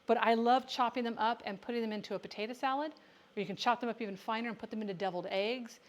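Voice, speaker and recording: A woman's voice: on the high side, steady tone, quick pace. A woman hosting a casual livestream about home canning, chatting with viewers and talking to herself as she works. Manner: chatty, answers viewer questions, talks to herself while working. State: has the hiccups. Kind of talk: casual livestream cooking chat.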